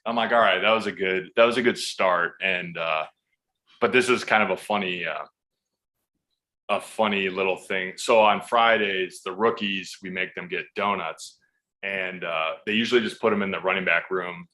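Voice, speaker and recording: Podcast guest: man, thirties, bright forceful tone, relaxed profane storytelling. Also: sits low, normal speed. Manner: laid-back, swears freely, acts out quotes. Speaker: podcast guest, football player. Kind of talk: casual storytelling.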